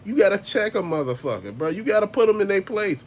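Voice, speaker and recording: A man's voice: high-pitched, very animated, quick pace, a little mellow. A man hosting his own show, ranting bluntly and emphatically with heavy profanity. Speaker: host. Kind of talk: ranting monologue.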